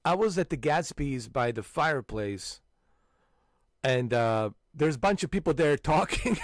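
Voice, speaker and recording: Boisterous man telling stories, lively pitch. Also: unhurried, no echo, clean studio sound. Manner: boisterous storytelling, frequent laughter and exclamations. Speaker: gaming channel host. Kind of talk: casual chat with friends.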